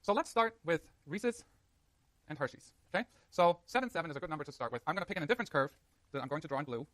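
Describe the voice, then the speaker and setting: A man lecturing a university class, quick and lively, joking with students as he works through a diagram. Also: on the high side, no room sound. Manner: fast, animated, jokey asides to students.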